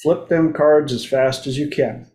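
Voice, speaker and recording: A man's voice: fairly high pitch, fairly even intonation, unhurried, warm tone. A man hosting his own talk show, speaking in a loose, playful monologue and acting out quoted voices now and then. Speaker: host. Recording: roomy echo.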